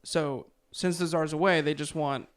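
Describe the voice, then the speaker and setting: Podcast host, male, fairly high voice, loose and rambling storyteller. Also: moderate pace, clean tone. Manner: relaxed, filler-heavy, chuckles often. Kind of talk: casual storytelling from notes.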